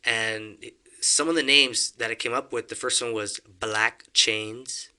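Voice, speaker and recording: A man's voice: medium pitch, steady tone, unhurried, bright, forceful tone. A young man telling a story in casual conversation, acting out quotes and laughing often. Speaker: podcast guest.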